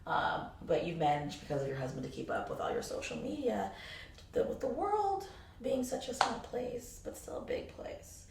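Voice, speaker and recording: Playful woman interviewer, lowish voice that jumps all over, roomy far-off sound. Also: wildly swooping pitch, moderate pace, vocal fry, noisy background. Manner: playful, talkative. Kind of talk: casual interview chat. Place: convention hall. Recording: roomy echo from a distant mic.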